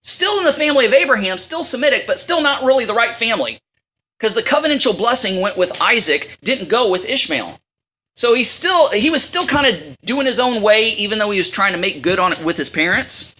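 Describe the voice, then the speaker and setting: A woman teaches a Bible lesson in a casual, talky manner. Her pitch swings up and down freely. Her tone is bright and forceful. She reads out scripture and acts out the lines. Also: lively intonation, fairly quick, slight background noise.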